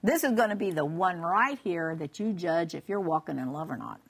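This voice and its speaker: A woman's voice: on the low side, moderate pace, slightly rough. A woman giving a humorous personal testimony on a Christian broadcast and acting out the dialogue as she tells it. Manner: lively storytelling, acting out dialogue; humorous, laughs while telling. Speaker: guest speaker.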